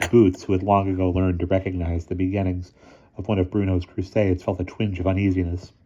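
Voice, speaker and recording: A man reading a children's novel aloud in a steady, expressive voice. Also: deep voice, a little fast, highs cut off. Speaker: audiobook reader.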